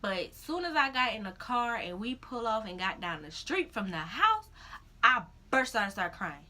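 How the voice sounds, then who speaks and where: A young woman telling a personal story in a casual vlog, animated, acting out the voices of others. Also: moderate pace. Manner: animated, acts out her own crying in high-pitched quotes. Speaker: vlogger. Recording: faint background noise.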